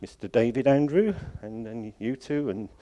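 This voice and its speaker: A man's voice: medium pitch, moderate pace, mellow, slight background noise. A man giving an informal, rambling closing address at a church conference. He chuckles often and keeps correcting himself. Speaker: conference organiser addressing congregation.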